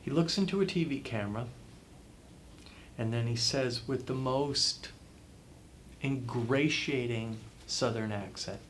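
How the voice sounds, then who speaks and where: A man's voice: medium pitch, unhurried, pauses often, slight background noise. A man being interviewed as a guest author, giving advice in an emphatic way and repeating phrases for effect. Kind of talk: interview answers, motivational advice.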